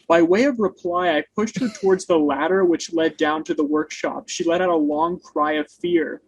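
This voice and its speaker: A man's voice: on the high side, moderate pace, slightly rough, highs cut off. A man in a casual book discussion, reading long passages aloud and chuckling between lines.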